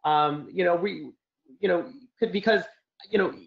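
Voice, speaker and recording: A man's voice: high-pitched, moderate pace, creaky. A man telling a long personal account as an interview guest, rambling with many fillers and restarts. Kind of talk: casual spoken account. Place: Santa Clara area. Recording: dull lo-fi audio.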